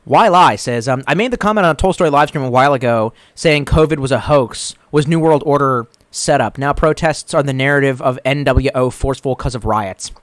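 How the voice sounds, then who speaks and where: A man's voice: mid-range voice, a little fast, few pauses, no room sound. A man streaming live, reading viewers' comments and rambling casually with lots of swearing. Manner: profane, rambling, retells jokes with put-on voices. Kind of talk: casual chat.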